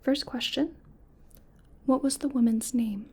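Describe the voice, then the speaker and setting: A woman slips into a whispered role-play as a gentle clinician, her voice airy and breathy. She speaks slowly and patiently, guiding each step with care. Her tone stays mellow and a touch high. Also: fairly even intonation. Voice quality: soft whispering. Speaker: ASMR artist playing a clinician giving cognitive tests.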